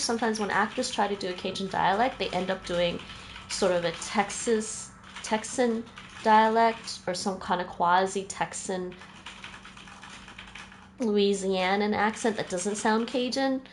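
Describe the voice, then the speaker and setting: A woman's voice: medium pitch, a little hiss or hum. A woman streaming a video game, chatting casually with her viewers and laughing often. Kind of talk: casual chat while gaming.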